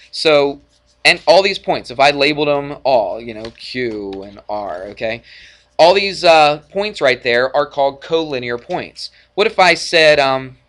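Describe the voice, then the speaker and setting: Bright-voiced man teaching a classroom math lesson. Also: medium pitch. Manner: energetic, jokey, asks frequent check-in questions. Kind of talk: classroom lecture.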